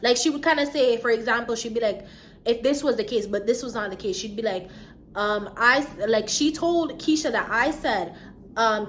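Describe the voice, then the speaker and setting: A young woman from Jamaica, telling a storytime in a chatty, animated way. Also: fairly high pitch, normal speed, a little hiss or hum. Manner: chatty, animated, keeps asking "you get what I mean". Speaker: vlogger. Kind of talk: casual storytime chat.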